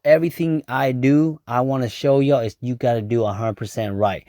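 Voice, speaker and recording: A man's voice: mid-range voice, darkish tone, dry recording, studio quality. A man working as a nail technician, talking through a tutorial in a blunt, chatty way, swearing now and then and calling his viewers y'all. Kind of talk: casual tutorial talk.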